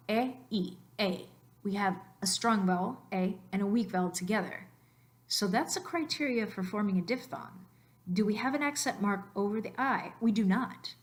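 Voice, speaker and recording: A woman teacher narrating a slide lesson, explaining patiently step by step and repeating words slowly. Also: mid-range voice. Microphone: voice-over on computer mic.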